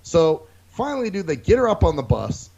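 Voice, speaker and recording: A man's voice: on the high side, sing-song, a little fast, vocal fry, warm tone, husky. A man co-hosting a casual podcast, telling a profane story and acting out other people's lines. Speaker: podcast co-host. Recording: dull lo-fi recording.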